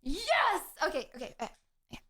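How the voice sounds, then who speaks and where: A woman's voice: very high voice, huge pitch swings, brisk, pushed and bright. A young adult woman livestreamer chatting casually, giggling and teasing herself as she reads questions aloud and answers them. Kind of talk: casual live-stream chat.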